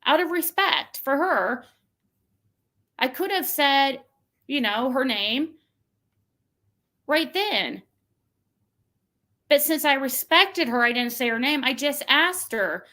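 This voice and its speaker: Speaking slowly with long pauses, this channel host has an expressive, pushed, bright voice. She vents in exasperation during a casual livestream rant, putting on a shrill voice to mock the texts people sent her.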